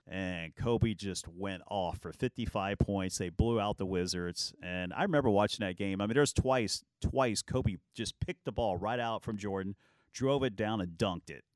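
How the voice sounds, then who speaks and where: A man hosting a sports talk show, telling lively basketball anecdotes and acting out what players said. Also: on the low side, clear, resonant tone, dry recording. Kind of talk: casual sports storytelling.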